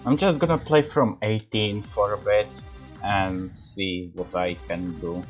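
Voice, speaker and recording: A man's voice: lowish voice, measured pace, soft background music. Exasperated man doing gaming commentary. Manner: exasperated, swears often. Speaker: gameplay commentator.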